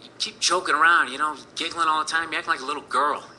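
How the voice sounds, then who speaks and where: A man voicing a gruff father who taunts his son with scorn. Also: fairly high pitch, steady tone, fast, sharp tone, slight background noise, pitched above the performer's own voice. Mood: taunting.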